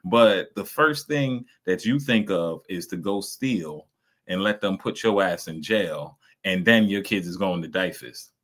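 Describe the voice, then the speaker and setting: A man's voice: low-pitched, lively intonation, measured pace, fairly bright tone. A man, reacting to videos on a stream. He talks in a blunt, casual way, profane and mocking. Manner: blunt, profane, mocking, acts out quoted voices.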